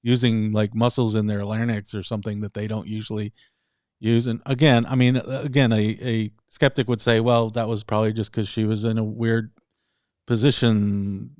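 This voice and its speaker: A man's voice: fairly low pitch, flat delivery, normal speed, darkish tone, dry recording, clean studio sound. A man in casual chat, telling a story in a rambling way, often laughing and slipping into other voices. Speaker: podcast co-host.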